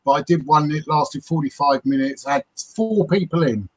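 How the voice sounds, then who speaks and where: A man's voice: a little high, moderate pace, a little mellow, a little hiss or hum. A man in casual live stream chat, talking hesitantly and often restarting his words.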